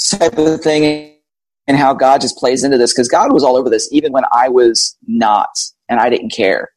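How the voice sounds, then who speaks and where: A man in his forties, a guest telling a candid, animated personal story about meeting his wife. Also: mid-range voice, moderate pace, dry recording.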